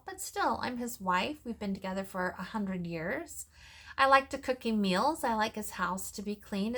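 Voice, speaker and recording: A woman's voice: medium pitch, pushed and bright. A middle-aged woman hosting a casual cooking vlog, chatting along with sassy asides as she works. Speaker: cooking channel host.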